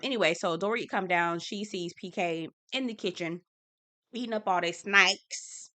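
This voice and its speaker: A woman's voice: mid-range voice, normal speed. A woman giving a sassy, slang-filled casual recap of a reality TV episode from her home office. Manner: sassy and expressive, slangy asides. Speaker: TV recap host.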